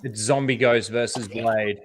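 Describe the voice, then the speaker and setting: A man's voice: on the low side, fairly even intonation, measured pace, over loud music. A man hosting his own channel, chatting casually and reacting to trailers, rambling with fillers and the odd swear word. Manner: rambling, swears freely, many fillers and asides. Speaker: channel host. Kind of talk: casual reaction commentary on a livestream.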